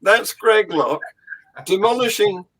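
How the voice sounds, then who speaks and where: A man hosting a casual panel discussion, introducing clips in a measured, wry way. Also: high-pitched, animated, fairly bright tone, slightly rough. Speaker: podcast host.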